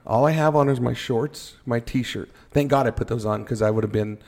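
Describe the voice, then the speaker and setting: A middle-aged man telling a story on a podcast, animated and joking as he goes. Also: mid-range voice, brisk. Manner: animated storyteller, jokey asides. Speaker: podcast guest. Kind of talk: casual storytelling.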